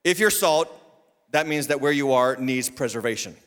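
A man preaching a sermon as lead pastor, swinging from loud declarations to quiet asides, with bits of humor. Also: medium pitch, normal speed. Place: church sanctuary. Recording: long reverb of a large hall.

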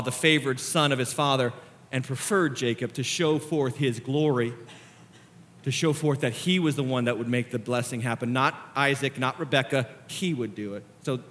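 A man preaching a sermon as pastor, passionate, swinging between hushed reflection and near-shouting. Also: mid-range voice.

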